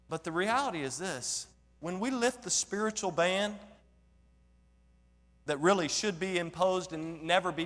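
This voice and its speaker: High-voiced preaching man, hall reverb. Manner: animated preaching with jokes and rhetorical questions. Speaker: pastor. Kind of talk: sermon.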